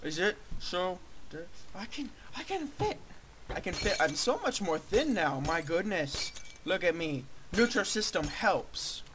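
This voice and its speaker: A man giving gameplay commentary, rambling and swinging between shouts and quiet muttering. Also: high-pitched, expressive, unhurried. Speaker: let's player. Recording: loud background noise.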